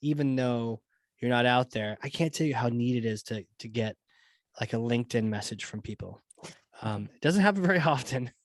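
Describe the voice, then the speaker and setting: A man's voice: mid-range voice, moderate pace, no room sound. A man with a mid-range voice hosts a podcast with easygoing enthusiasm and chuckles now and then. His voice sounds dry and close to the mic. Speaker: podcast host. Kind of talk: casual interview chat.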